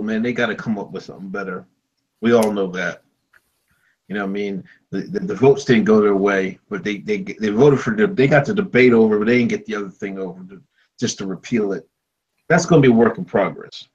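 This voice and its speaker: A man voicing a loud conservative male veteran uncle who rants and heckles, his pitch jumping high when outraged. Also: brisk, slightly rough. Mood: ranting. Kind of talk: comedic podcast role-play. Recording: dull lo-fi audio.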